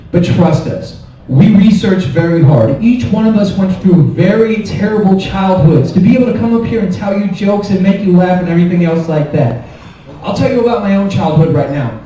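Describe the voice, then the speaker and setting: A man doing a stand-up comedy set, telling stories in an animated way and acting out the scenes. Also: sits high, normal speed, very echoey, recorded from a distance, lo-fi sound.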